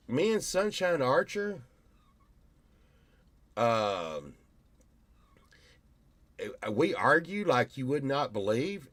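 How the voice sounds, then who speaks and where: Slow-talking rambling man in his fifties. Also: mid-range voice, no room sound. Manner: rambling, storytelling with many restarts. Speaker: YouTuber. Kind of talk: casual vlog monologue.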